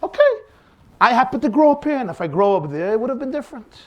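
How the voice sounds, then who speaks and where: His voice is very high and sing-song, and he talks very fast. In the role of a rabbi, he delivers a faith lecture full of acted-out anecdotes and dramatic, emphatic rhetorical questions.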